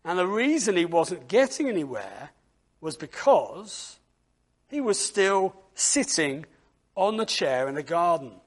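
A man with a high voice leads a church service and tells a story slowly. He reads aloud expressively and fills his pauses with "uh". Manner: expressive read-aloud with frequent uh fillers. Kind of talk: storytelling children's talk.

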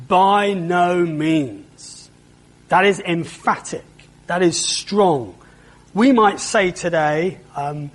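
A man's voice: high voice, takes it slowly. A man preaching a sermon, explaining a passage step by step and asking the congregation rhetorical questions. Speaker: pastor.

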